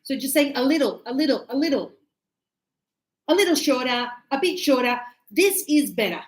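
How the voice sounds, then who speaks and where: A woman teaching English in a live class, chatty and animated, acting out little dialogues as she explains. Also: high voice, moderate pace, roomy sound, poor audio.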